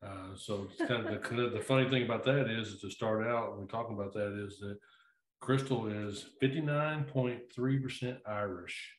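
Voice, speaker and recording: A man's voice: lowish voice, moderate pace, a little hiss or hum. A middle-aged man co-hosting a podcast in casual chat, rambling and repeating himself. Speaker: podcast co-host. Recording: echoey room.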